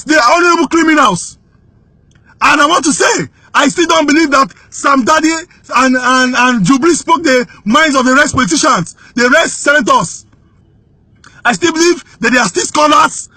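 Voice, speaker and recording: A Nigerian man with a very high, bright and piercing voice, speaking urgently and indignantly as he recounts events. The sound is close and dry, with no room around him. He pushes up into shouts when he presses his point. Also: no room sound. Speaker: whistleblower giving testimony. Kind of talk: impassioned spoken testimony.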